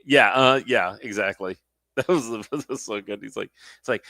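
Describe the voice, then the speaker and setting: A man's voice: mid-range voice, fairly quick, bright, forceful tone, dry recording, clean studio sound. A young man who laughs often and acts out movie scenes while chatting casually as a podcast co-host. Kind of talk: casual chat about movies.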